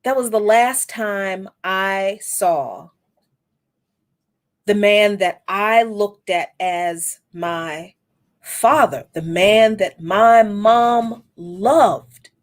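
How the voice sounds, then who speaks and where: A woman's voice: medium pitch, drawn-out words. A woman in her forties hosting a podcast, telling a personal story in a reflective, candid way with frequent restarts and casual cursing. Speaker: podcast host.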